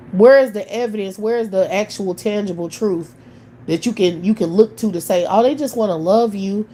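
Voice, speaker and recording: Brief woman, livestream host, blunt and profane, scolds her viewers with rhetorical questions, mid-pitched voice. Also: dark tone, a little hiss or hum. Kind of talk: ranting live commentary.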